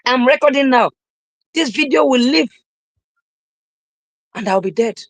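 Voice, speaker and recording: A young man delivers a live-streamed motivational talk in a dry, close voice with no room around it. He preaches emphatically, hammering the same lines again and again and now and then breaking into a shout. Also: extremely high pitch, lively intonation, a little slow, no room sound, poor audio. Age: young adult. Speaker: motivational speaker.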